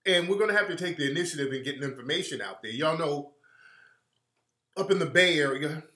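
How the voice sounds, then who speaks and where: A man's voice: a little high, lively intonation, fairly quick, pushed and bright, roomy sound. A man hosting a live stream, giving heated, preachy commentary and repeating his points for emphasis.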